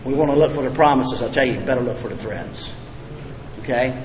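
In an echoey hall with reverb, faint ambience and noisy background, a man gives a recovery meeting talk. He's blunt and folksy, telling profane jokes in a fast, mid-range voice.

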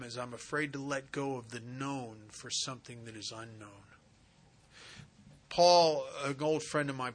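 A man giving a spiritual recovery talk, telling stories and acting out the dialogue in an animated way. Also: mid-range voice, slight background noise.

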